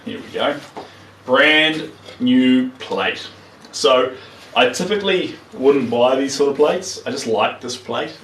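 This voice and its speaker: A man's voice: mid-range voice, expressive, slow, a bit bright, far from the mic, slight background noise. A man with a New Zealand accent chatting casually to live viewers while he paints, trailing off as he works. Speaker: artist streaming live. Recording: roomy, mic set back from speaker.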